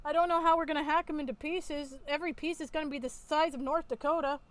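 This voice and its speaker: A woman streamer giving crude, mocking commentary on a video and bursting into loud laughter. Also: high-pitched, fairly even intonation, quick pace. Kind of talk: casual commentary.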